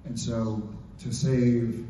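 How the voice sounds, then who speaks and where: A man's voice: mid-range voice, extremely slow, slight background noise. Man telling stories in an echoey hall. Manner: animated storyteller with playful asides. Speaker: convention panelist. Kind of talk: storytelling on a convention panel. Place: large convention hall. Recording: dull echoey hall sound from a distance.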